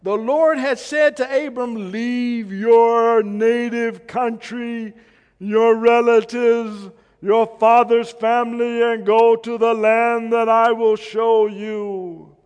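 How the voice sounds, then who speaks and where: Booming, solemn voice of God as a preacher puts it on, drawn out and loud, high for a man, ringing in a reverberant hall. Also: fairly even intonation, clean tone. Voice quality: loud, slow, drawn-out delivery.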